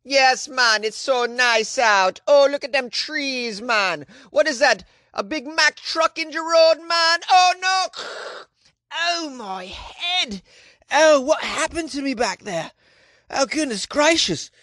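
Guy faking a jamaican lady voice, sing-songy and exclaiming a lot, way up high, no room echo. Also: lively intonation, slow pace, bright, forceful tone, clean studio sound, heavily acted. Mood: cheerful, then panicked. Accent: Jamaican, put on. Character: chatty Jamaican woman, dazed after a crash.

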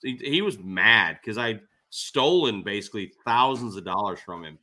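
Man, interview guest, casual chat, animated, laughing, bright tone. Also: on the low side, normal speed. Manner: animated storyteller, laughs often.

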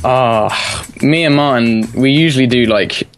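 A man's voice: mid-range voice, unhurried. Young man, tired, laid-back, casual video-call chat, faint music behind. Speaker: podcast guest.

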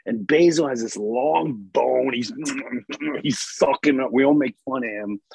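A male podcast host, telling an animated story in casual conversation. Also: medium pitch, unhurried, vocal fry, slight background noise. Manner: animated, acts out voices in anecdotes, laughs often.

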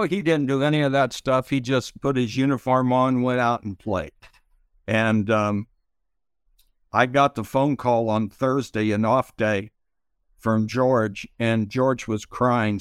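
An older man telling stories as an interview guest, halting with many pauses and fillers. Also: medium pitch, clear, resonant tone, dry recording, studio quality. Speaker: interview guest, retired pitcher. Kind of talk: slow reflective storytelling.

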